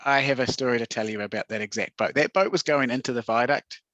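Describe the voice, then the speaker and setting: A man's voice: mid-range voice, quick pace, a bit bright, no echo. A man co-hosting a podcast, telling stories against himself in casual chat. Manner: self-mocking storyteller, laughs at himself. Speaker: podcast co-host. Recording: dull dry lo-fi recording.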